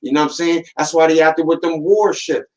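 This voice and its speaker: Slangy man hosting a podcast, slightly high voice. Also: fairly even intonation, quick pace, darkish tone, low-quality recording. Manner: slangy, streetwise storytelling that acts out quoted voices; warns and urges listeners with repeated "man" and "watch". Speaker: podcast host. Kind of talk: casual podcast monologue.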